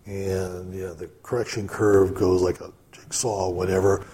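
Husky low-voiced man teaching Bible study. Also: flat delivery, normal speed, warm tone. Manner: conversational, many fillers and asides. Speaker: preacher.

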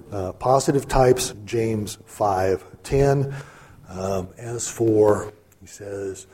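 Casting: male preacher, low husky voice, warm and mellow tone, chatty and informal delivery. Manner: conversational, many fillers and asides. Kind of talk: casual Bible teaching.

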